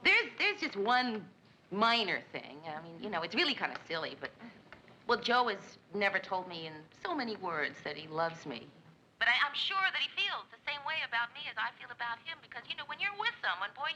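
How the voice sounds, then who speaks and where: Eager, halting woman in love on a 1970s sitcom, bright lively voice. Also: medium pitch, a little hiss or hum, poor audio. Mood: hesitant. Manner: eager, halting, self-conscious. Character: earnest single woman newly in love.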